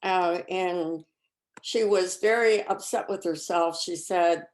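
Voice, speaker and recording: A woman presenting a reflective faith talk over a video call, measured and searching for words. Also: on the low side. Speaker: retreat presenter.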